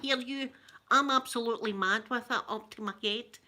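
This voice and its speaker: A woman's voice: on the high side, normal speed, bright, forceful tone. A woman doing a brash Scottish street lad. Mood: swaggering. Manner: swaggering, brash slang.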